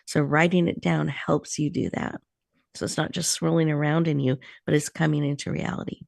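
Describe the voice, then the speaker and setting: A woman hosting a talk show who leads a slow, soothing guided meditation with encouraging words. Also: low voice, flat delivery, creaky, a little mellow, no echo, clean studio sound.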